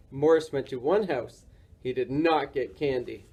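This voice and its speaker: Librarian lady doing kids story time, slow, bouncy expressive reading. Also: low-pitched, husky. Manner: slow, expressive read-aloud.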